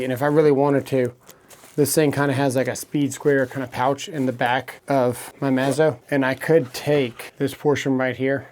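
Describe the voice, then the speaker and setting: A man's voice: medium pitch, a little mellow, slight background noise. Casual man demoing tools, a bit winded. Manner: casual, talks while working with hands. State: out of breath. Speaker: electrician tool reviewer. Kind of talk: casual tool demo. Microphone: small wireless clip mic.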